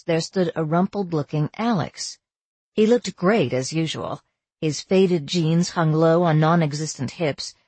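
A woman narrating a first-person novel as an audiobook, in a measured, wry storytelling manner. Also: lowish voice, a little mellow, husky, no echo.

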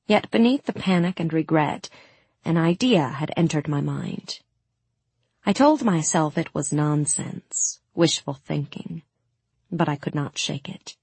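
A woman narrating a first-person fantasy audiobook in a measured way, giving the characters' lines some heat. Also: sits low, vocal fry, breathy edge, no room sound.

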